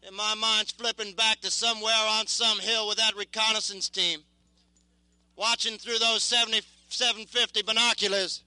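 High-voiced intense young veteran man. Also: flat delivery, pushed and bright, smooth, no echo, poor audio. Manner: intense, repetitive, halting. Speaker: war veteran. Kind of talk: impassioned spoken testimony.

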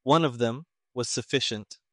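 Toneless clever detective guy, flat and cool, read by a man, dry close sound. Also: mid-range voice, normal speed, dry recording, lightly acted.

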